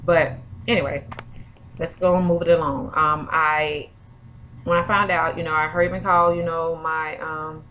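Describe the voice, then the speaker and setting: A woman's voice: deep voice, flat delivery, normal speed, bright, forceful tone, a little hiss or hum. A young woman, vlogging in a chatty, rambling way full of fillers. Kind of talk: casual chat.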